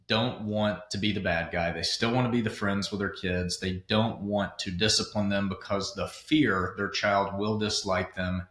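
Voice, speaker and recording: A blunt, opinionated man co-hosts a podcast and lays out his views plainly. His voice sits a little on the low side. The recording has a roomy echo around it. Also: fairly even intonation, normal speed, hardly any pauses, fairly bright tone. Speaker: podcast co-host. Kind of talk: conversational podcast discussion.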